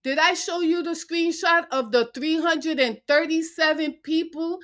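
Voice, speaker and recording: A woman with a high voice rants furiously on a live-stream panel. She is confrontational, curses freely and hammers her challenges over and over. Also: unhurried, fairly bright tone. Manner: angry, confrontational, cursing; repeats taunts and challenges. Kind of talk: heated live-stream rant. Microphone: remote call into a live stream.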